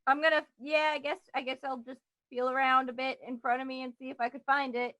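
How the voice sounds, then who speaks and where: A woman's voice: high-pitched, little pitch movement, fast, bright, forceful tone. A woman playing a tabletop game, chatting and thinking aloud about her character's moves. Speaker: player. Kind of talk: casual tabletop play.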